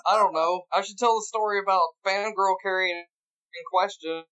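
A man telling game stories in casual chat, animated and packed with filler words. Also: sits high, normal speed, smooth. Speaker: podcast guest. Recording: dull lo-fi recording.

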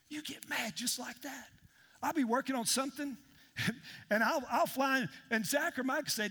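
A man's voice: very high voice, moderate pace, bright, forceful tone, slightly rough. A man preaching a sermon as pastor, emphatic and calling out to his congregation. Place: large church hall. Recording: long hall reverb in a church.

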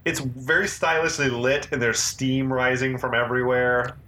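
A man's voice: mid-range voice, level tone, normal speed, bright, forceful tone. A man co-hosting a podcast, recapping a movie scene by scene in casual chat, laughing often. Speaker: podcast co-host. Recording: echoey room with faint noise.

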